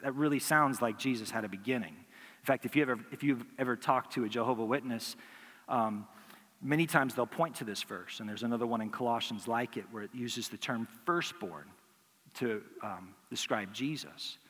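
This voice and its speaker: A man's voice: medium pitch, moderate pace, sharp tone, breathy edge, in a large hall. A man preaching a sermon as pastor, teaching through rhetorical questions and acting out imagined replies.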